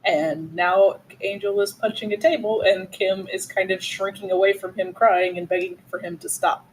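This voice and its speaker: A woman's voice: mid-range voice, fairly even intonation, normal speed, slight background noise, low-quality recording. A woman playing a tabletop role-playing game, retelling what her character did in a hesitant, filler-heavy way. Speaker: player. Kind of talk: tabletop role-play, mixing narration and in-character lines.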